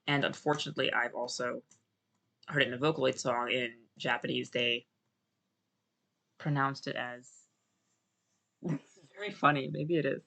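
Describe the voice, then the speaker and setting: A man's voice: mid-range voice, steady tone, normal speed, gravelly, pauses often, pushed and bright. A man streaming a game live, musing aloud to his chat in a rambling, self-correcting way. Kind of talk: casual live-stream commentary.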